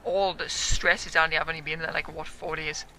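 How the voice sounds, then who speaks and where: A young man, a gaming YouTuber, giving loud, excitable commentary on his own play, yelling, swearing and laughing. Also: fairly high pitch, a little fast, a little hiss or hum.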